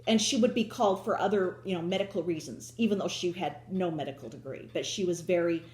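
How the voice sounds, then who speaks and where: A woman's voice: lowish voice, quick pace, darkish tone, reverberant, a little hiss or hum. A woman hosting a casual home chat, rambling with many restarts and drifting back with "so anyway". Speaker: host.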